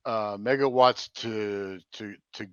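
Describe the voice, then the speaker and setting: A man's voice: on the low side, fairly even intonation, takes it slowly, clean tone, no echo, highs cut off. A man playing a tabletop game who jokes and swears casually with the group. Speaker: player.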